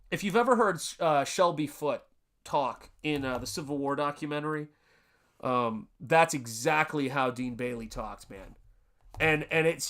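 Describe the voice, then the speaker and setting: A man's voice: on the high side, a bit bright. Tennessee-raised guy rambling on his art livestream, chatty, says hi to chat. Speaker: livestreaming artist.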